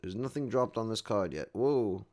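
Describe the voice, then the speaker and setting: A man's voice: lowish voice, moderate pace, darkish tone. A man playing a game live, joking and rambling as he reads the on-screen text aloud. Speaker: game streamer.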